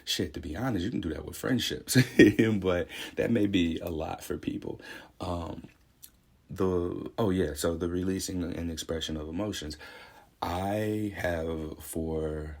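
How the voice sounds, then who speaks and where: Very deep, husky-voiced man musing aloud. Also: a little slow, a little mellow. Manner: candid, conversational, thinks aloud with fillers. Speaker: vlogger. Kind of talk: reflective personal monologue.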